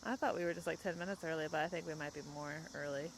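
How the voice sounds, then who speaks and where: A young woman hosting a podcast in casual chat, rambling and quick to laugh. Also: low-pitched, a little hiss or hum, low-quality recording. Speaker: podcast host. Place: outdoors, in a parked car.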